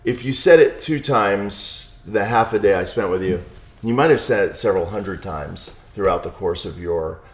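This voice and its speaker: A middle-aged man talks as a podcast guest, spinning anecdotes in a loose, conversational way with lots of little asides. His voice sits somewhat low, and the recording carries a noticeable roomy echo. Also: expressive, moderate pace. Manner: storytelling with many "you know" and "right?" asides. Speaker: podcast guest, author and lawyer. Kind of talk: casual interview conversation.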